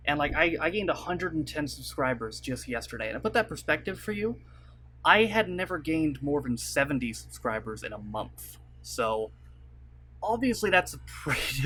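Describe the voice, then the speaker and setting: A man's voice: mid-range voice, animated, moderate pace, bright, forceful tone, breathy edge. Rambling young man talking to his webcam. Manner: rambling, filler-heavy, apologetic. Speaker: YouTuber. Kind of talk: casual vlog talk to camera. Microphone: desk mic at webcam setup.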